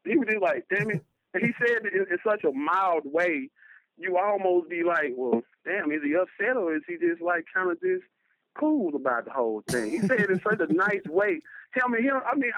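A man's voice: high-pitched, lively intonation, brisk, dry recording, dull audio. A man calling into a podcast, chatting animatedly and acting out quotes. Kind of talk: casual chat.

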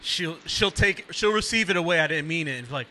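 Man, podcast co-host, casual chat, acts out his stories, laughs a lot, very lively pitch, faint background hiss. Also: brisk. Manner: animated storyteller, laughs a lot, acts out both sides.

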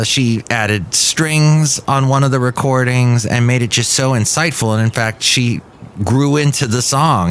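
A man with a medium-pitched, fairly bright voice hosts a podcast outdoors outside a café, with slight background noise. He riffs through a rambling, sardonic comedic monologue.

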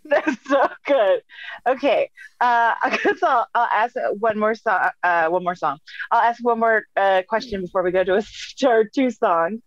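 An enthusiastic woman host with a fairly high voice reacts warmly to her guest and laughs along. She sounds dry and close-miked. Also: lively intonation, normal speed, no room sound, dull audio. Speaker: interview host, comedian. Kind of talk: casual interview chat.

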